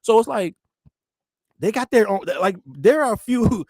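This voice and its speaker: A male show host in casual commentary, rambling and profane, who laughs mid-sentence and mimics other people in quick quotes. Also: high-pitched, expressive, a little mellow, no room sound, studio quality. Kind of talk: casual pop-culture commentary.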